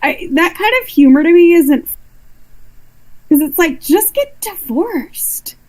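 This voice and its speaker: A woman's voice: extremely high pitch, expressive. A woman voice actor, a guest on a stream, chatting casually and giving her opinions with enthusiasm. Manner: enthusiastic, opinionated, quick agreement. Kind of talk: casual interview chat.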